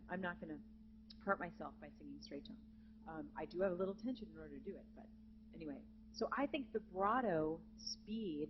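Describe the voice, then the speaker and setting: A woman's voice: mid-range voice, highs cut off, slight background noise. A woman giving a vocal jazz masterclass, talking casually to students with chatty asides. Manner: chatty, conversational, with asides and fillers. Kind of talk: casual teaching talk at a masterclass. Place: conference center before a live audience of students.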